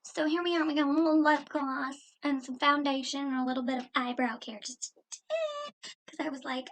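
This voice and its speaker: A young woman in her late teens, chatting casually in a home reaction vlog, telling a story with animated exasperation. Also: high-pitched, normal speed. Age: young adult. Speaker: vlogger. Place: indoors at home.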